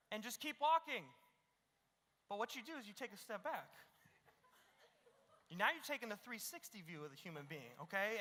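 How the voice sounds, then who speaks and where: A man preaching a youth sermon as the youth pastor. He is animated and joking, acts out little scenes and keeps adding "okay?". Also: very high voice, long reverb tail.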